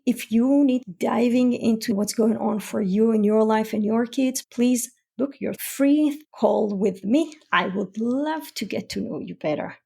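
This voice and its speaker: A woman hosting a solo parenting podcast as a parent coach, explaining calmly with everyday examples. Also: on the high side, gravelly, husky. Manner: calm, explanatory, gives examples.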